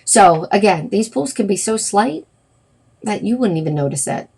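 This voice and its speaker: A woman's voice: mid-range voice, animated, moderate pace, gravelly, a little mellow, slightly rough. A middle-aged woman hosting a wellness livestream, talking casually and rambling, with many fillers and self-corrections.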